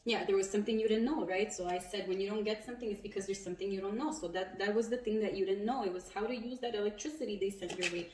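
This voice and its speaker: A woman's voice: medium pitch, fast talker, few pauses, distant mic, background noise. Chatty woman reading tarot in an echoey room. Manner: chatty, animated, swears and laughs often. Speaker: tarot reader.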